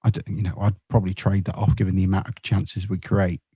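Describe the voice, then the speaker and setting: A man's voice: low-pitched, level tone, fast, dark tone, slightly rough, no room sound, clean studio sound. A man, co-hosting a podcast in a casual, wry football chat and reading out listener comments. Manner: wry, laid-back, reads listener comments. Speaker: podcast co-host.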